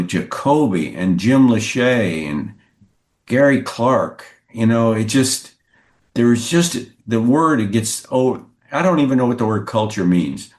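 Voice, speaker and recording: An older man, a guest sportswriter, telling anecdotes in a lively conversational way and acting out what others said. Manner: lively storyteller who acts out quotes with pitch jumps. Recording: roomy echoey sound.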